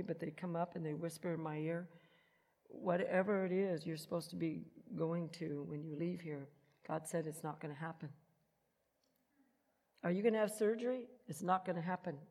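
A woman giving a personal testimony in an animated storytelling manner, acting out the voices she quotes. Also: on the low side. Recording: long hall reverb.

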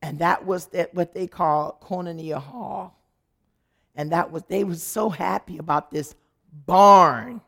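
A woman giving an animated, dramatic personal testimony, acting out the people in her story. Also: lowish voice, slow pace, creaky.

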